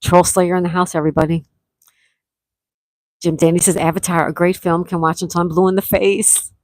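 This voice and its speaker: A woman's voice: on the low side, flat delivery, brisk, a little mellow, no echo, poor audio. A middle-aged woman from Florida hosting a casual livestream, chatting and reading viewers' comments aloud, greeting each by name. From Florida, USA. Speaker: livestream host.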